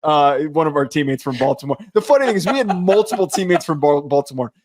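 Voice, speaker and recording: Excitable young man with a slightly high voice. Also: quick pace. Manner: loud, excitable, joking. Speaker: podcast co-host. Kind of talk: casual sports chat.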